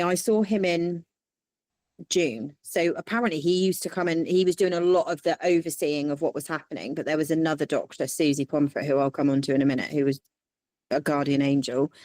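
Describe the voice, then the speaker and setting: A woman's voice: sits low, a little fast, no echo. A young woman, telling her story as an interview guest and acting out the voices of the people in it. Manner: animated, quotes people in lively voices. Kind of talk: candid storytelling.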